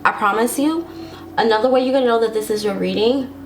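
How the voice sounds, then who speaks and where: A woman's voice: fairly high pitch, fast talker, noisy background. A woman giving a casual tarot love reading to her viewers, sassy and chatty, laughing often and talking straight to them. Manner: speaks directly to viewers, reassuring. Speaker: tarot reader.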